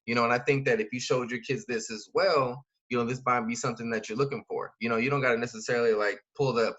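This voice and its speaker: A man's voice: mid-range voice, a bit bright. A man coaching his audience in a casual, slangy way, full of fillers and asking "right?" again and again. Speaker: network marketing recruiter. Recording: dull lo-fi sound.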